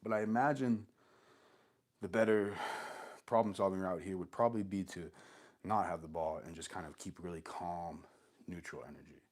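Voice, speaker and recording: A man with a stuffy nose who runs short of breath, explaining dog training casually and talking softly to the dog. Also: deep voice, normal speed. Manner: relaxed, talks softly to the dog between explanations.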